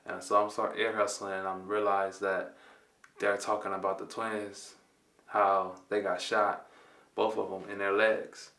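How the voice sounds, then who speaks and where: A twentysomething man from Compton, California tells a personal story with relaxed slang, performing the dialogue. His voice sits on the low side with a level tone and a measured pace, sounding pushed and bright, recorded in a roomy space from a distant mic.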